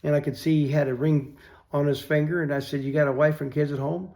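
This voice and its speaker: A man's voice: on the high side, little pitch movement, fast talker, creaky, mellow. An older man telling a story in a folksy, rambling way, often repeating "I said", then reflecting on faith.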